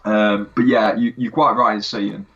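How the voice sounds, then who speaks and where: Deep-voiced man, lo-fi sound. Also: moderate pace, soft background music. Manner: animated, laughs while retelling scenes, says "mate" often. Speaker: podcast co-host. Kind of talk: casual review chat. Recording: dull lo-fi sound.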